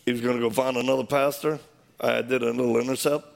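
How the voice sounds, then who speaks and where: A man telling a personal story in an animated way, acting out the quoted voices and laughing as he goes. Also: medium pitch, fast, creaky.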